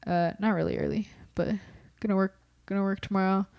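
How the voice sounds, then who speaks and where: A woman's voice: mid-range voice, steady tone, a little fast, vocal fry, a little mellow, smooth. A young adult woman co-hosting a podcast in casual chat, rambling, candid and emotional. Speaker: podcast co-host. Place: apartment at night.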